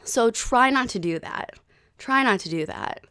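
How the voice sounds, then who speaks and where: Animated, profane woman in her thirties. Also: a little high, unhurried, clean tone, no room sound, studio quality. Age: 30s. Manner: animated, profane, heated storytelling. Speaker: podcast host. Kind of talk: casual chat.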